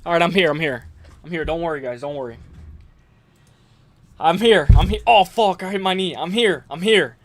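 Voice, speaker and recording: A young man hosting a casual fight-talk livestream from home, rambling and animated with sudden outbursts. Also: high voice, moderate pace, no echo. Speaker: MMA livestream host. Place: home room.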